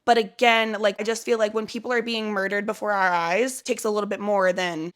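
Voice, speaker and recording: Bright-voiced woman vlogging, rambling earnestly. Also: mid-range voice, fast, hardly any pauses. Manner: rambling, heavy use of "like", searching for words. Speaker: spiritual content creator. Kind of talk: casual confessional vlog monologue.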